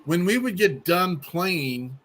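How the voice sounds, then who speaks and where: A man's voice: high voice, animated, slow pace, fairly bright tone, a little hiss or hum. A musician guest, a man, chatting casually on a podcast and telling a story with stutters, restarts and filler words.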